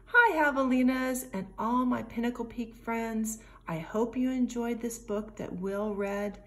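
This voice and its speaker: A woman's voice: a little high, measured pace. A woman preschool teacher giving a friendly message to her pupils.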